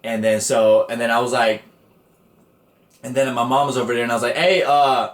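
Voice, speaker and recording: Recorded in an echoey room, a podcast host tells a story in casual, profane slang, raising his voice to act out the people in it. He's a man with a medium-pitched voice that barely moves in pitch, speaking a little fast.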